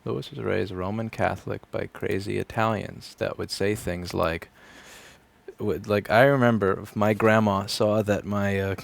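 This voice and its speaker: A man's voice: on the low side, steady tone, moderate pace, creaky. A man in his thirties, a repair technician, chats casually and sardonically on a livestream, rambling and swearing freely. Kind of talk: casual livestream chat while working. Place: repair shop.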